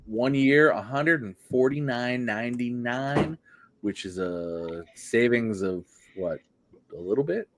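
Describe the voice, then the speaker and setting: A man's voice: medium pitch, slow, slight background noise. A man co-hosting a wrestling podcast, chatting casually with a sarcastic edge. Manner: animated, sarcastic. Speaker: podcast co-host. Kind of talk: casual chat.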